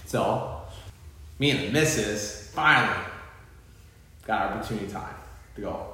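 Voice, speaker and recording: Animated storyteller guy. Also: medium pitch, moderate pace, pauses often, far from the mic. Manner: animated storytelling, mimics voices. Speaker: podcast co-host. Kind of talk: casual chat. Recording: echoey room.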